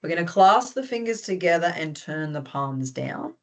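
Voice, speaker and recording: Calm instructor leading a stretching class. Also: medium pitch, normal speed. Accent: Australian. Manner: calm, gently instructive with light humor. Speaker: movement instructor.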